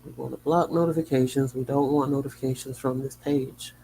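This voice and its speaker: A man hosting a livestream, reading a news article aloud in a sleepy, yawning way, with small slips and quick asides to his chat. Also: mid-range voice, fairly even intonation, creaky, warm tone, slight background noise. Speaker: livestream host.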